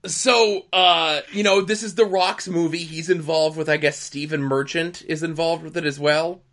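A man's voice: a little high, normal speed. A man telling wrestling backstage stories in casual podcast chat, with sly asides. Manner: animated storyteller, sly asides.

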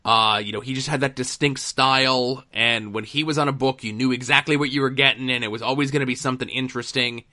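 A man with a bright, forceful voice hosts a laid-back podcast. He talks loosely, with frequent pauses and filler words. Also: medium pitch. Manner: relaxed, hesitant with many fillers. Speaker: podcast host. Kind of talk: casual chat.

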